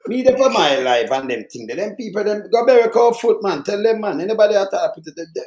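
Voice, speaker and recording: A man's voice: high voice, lively intonation, quick pace, a little mellow. A man speaking Jamaican Patois who jokes and banters loosely with a caller. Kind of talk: casual banter. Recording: roomy echo.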